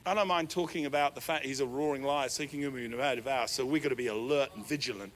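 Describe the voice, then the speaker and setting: A man preaching a sermon as pastor, animated, with sudden swings between loud, raised lines and quiet asides. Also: medium pitch, fast talker.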